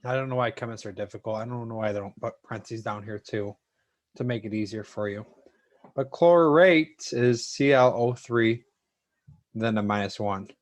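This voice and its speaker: A man's voice: lowish voice, little pitch movement, fast. A man teaching a chemistry lesson to an online class, talking casually and thanking students by name.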